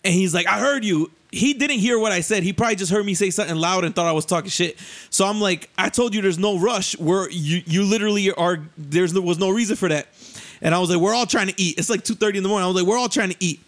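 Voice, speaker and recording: A young man casually telling a story on a podcast, animated and slangy, often laughing and jumping into voices. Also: fast talker. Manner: animated, laughing, acts out voices with rising pitch; profane, slangy.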